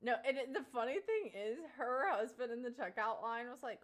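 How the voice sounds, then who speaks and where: A young woman streaming live, chatting to her viewers in a loose, rambling way. Her voice sits fairly high and swings widely in pitch as she laughs her way through the telling. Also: moderate pace. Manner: animated, laughs often, many fillers like "like" and "um". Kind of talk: casual storytelling to chat.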